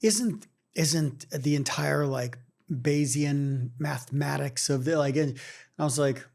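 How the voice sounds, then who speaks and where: A man's voice: on the high side, slow, gravelly, darkish tone. A middle-aged man co-hosting a podcast, telling anecdotes casually and filling his sentences with "like" and "right?". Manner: storytelling, with many fillers like "like" and "right?". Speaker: podcast co-host. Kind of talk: casual chat.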